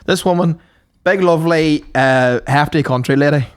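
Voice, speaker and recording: A man's voice: on the high side, normal speed, clear, resonant tone. Man telling crude stories on a podcast. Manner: crude storytelling with put-on voices. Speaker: podcast co-host. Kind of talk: casual comedy chat.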